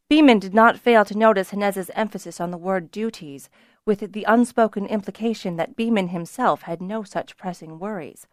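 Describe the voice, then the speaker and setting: A woman narrates a fantasy audiobook in a measured, scripted reading. Her voice sits a little low, and the recording is dry and close with no room sound. She lifts her voice when she speaks the characters' lines. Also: no room sound. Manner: voices characters with rises in pitch and volume.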